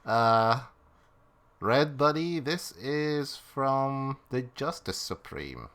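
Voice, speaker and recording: A man's voice: mid-range voice, very animated, very slow, a bit bright, voice pushed up, full character voice. A man voicing an arrogant, rude male government agent who talks down to others. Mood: smug. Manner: condescending.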